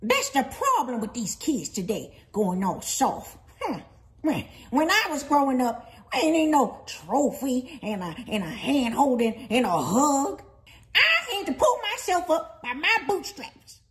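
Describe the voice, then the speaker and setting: A woman's voice: high voice, big pitch swings, measured pace, fairly bright tone, full character voice. A woman playing a melodramatic, grudge-holding old grandmother who wails theatrically and lectures in a folksy, preachy manner. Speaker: grandmother Sweet Mama. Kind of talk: comedy sketch acting.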